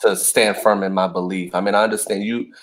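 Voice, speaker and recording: A man's voice: fairly low pitch, steady tone, brisk, fairly bright tone. A man co-hosting a casual podcast, chatting and reading viewer comments aloud with frequent laughs. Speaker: co-host.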